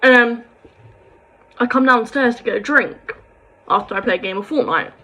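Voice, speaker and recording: A woman's voice: on the high side, animated, normal speed, pushed and bright, low-quality recording. A young woman, rambling through a sad personal story to camera, full of quoted dialogue and sighs. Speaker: vlogger.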